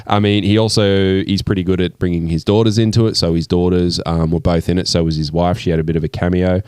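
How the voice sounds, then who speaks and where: A man's voice: low voice, flat delivery, fast, a little mellow, smooth, dry recording, studio quality. A man co-hosting a casual podcast, swearing freely and acting out film scenes as he retells them. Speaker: podcast co-host. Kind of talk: casual chat.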